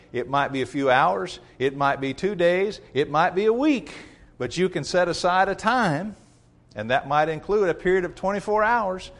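A man preaching a sermon, emphatic, reading scripture aloud and calling his listeners folks. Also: medium pitch.

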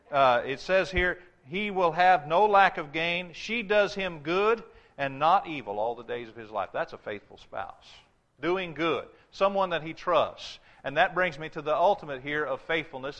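A man delivers a sermon in a bright, fairly high-pitched voice. He presses his points with emphasis and repetition, slowing down to read scripture aloud. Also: dull audio. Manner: emphatic, repeats phrases, reads scripture slowly. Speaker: preacher.

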